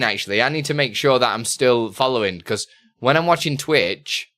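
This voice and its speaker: A man's voice: mid-range voice, expressive, moderate pace, pushed and bright. A man chatting casually on a live stream, reading out chat questions and laughing often.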